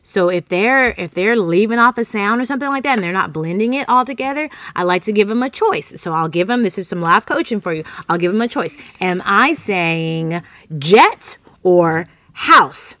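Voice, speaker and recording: A woman's voice: mid-range voice, lively intonation, fast talker, hardly any pauses, fairly bright tone, no echo. A woman host, coaching young children on reading sounds in an upbeat, teacherly manner with sing-song emphasis, recorded in a small closet studio.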